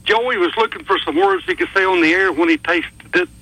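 A man's voice: high voice, normal speed, pushed and bright, low-quality recording. A man calling in to a radio show, friendly and chatty. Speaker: regular caller.

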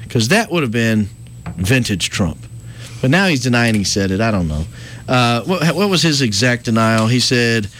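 A man's voice: mid-range voice, animated, moderate pace, fairly bright tone, slight background noise. A man hosting a morning talk radio show, sarcastic and mocking in his banter. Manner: sarcastic, mocking, puts on sing-song voices. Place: radio studio.

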